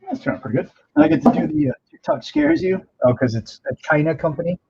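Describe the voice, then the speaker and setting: A man's voice: fairly high pitch, huge pitch swings, fast talker, gravelly, dark tone, highs cut off, a little hiss or hum. A man, a comic artist, chatting casually and rambling through stories on a livestream while he works, close to the microphone. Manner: rambling, offhand storytelling with mild swearing.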